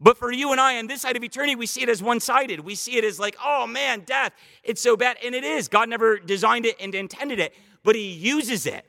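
A man preaching a sermon as pastor, animated, slowing down to stress scripture quotes. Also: very high-pitched, in a large hall.

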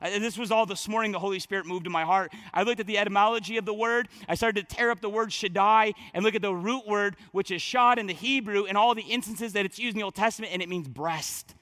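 Man, pastor, sermon, scripture reading, conversational asides, very high voice. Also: fast talker, few pauses. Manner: animated, conversational preaching with asides.

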